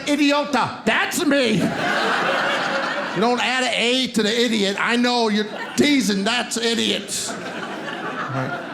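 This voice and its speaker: A man's voice: extremely high pitch, animated, slow, gravelly, very noisy. A man doing stand-up comedy, teasing the crowd and talking straight to the audience. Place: comedy club stage with live audience. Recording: roomy live venue with audience laughter.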